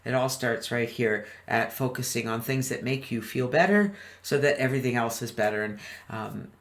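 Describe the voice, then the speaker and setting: Upbeat male webinar presenter, mid-pitched, chuckles and quizzes listeners. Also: moderate pace, fairly bright tone. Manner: upbeat, often asks the audience questions; chuckles between points. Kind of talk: motivational webinar talk.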